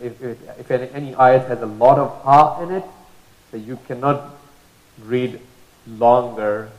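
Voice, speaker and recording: Patient male teacher in an echoey room. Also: medium pitch. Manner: patient, repeats and drawls out letter sounds as demonstrations. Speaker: Quran recitation teacher. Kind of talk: explanatory lesson.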